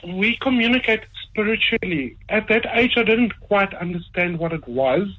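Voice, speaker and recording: A man joining a radio show remotely as a guest, speaking slowly and deliberately. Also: high voice, bright, forceful tone, husky. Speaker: guest, psychic medium. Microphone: phone or online line. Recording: tinny phone-line audio.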